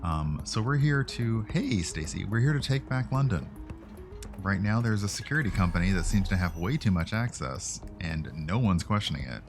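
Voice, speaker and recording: A man's voice: on the low side, lively intonation, normal speed, music in the background. A man streaming a video game, chatting casually and rambling, with frequent fillers and self-corrections. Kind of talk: casual gameplay commentary.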